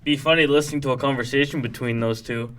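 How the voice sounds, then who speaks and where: A man's voice: medium pitch, steady tone, quick pace, a bit bright. A man hosting a sports podcast, reading a scripted rundown with casual asides. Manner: reads from a script, loses energy with asides. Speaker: podcast host.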